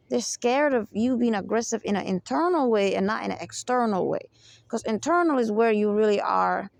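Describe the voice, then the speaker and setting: A woman's voice: medium pitch, creaky, a little mellow, no echo. A woman speaking in an unscripted advice monologue, emphatic and repetitive, often checking in with the listener. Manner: emphatic, keeps asking "you get me?". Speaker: self-help speaker.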